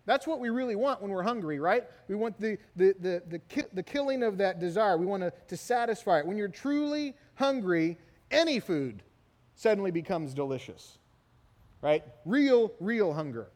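A middle-aged man preaching a sermon, telling stories in an animated way and often asking "right?". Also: high voice, normal speed. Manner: animated storytelling, repeated "right?" tags. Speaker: pastor. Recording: long hall reverb.

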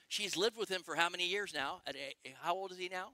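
Excitable high-voiced male preacher. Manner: excitable, quick bursts, asks the congregation questions. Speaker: pastor. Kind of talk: sermon.

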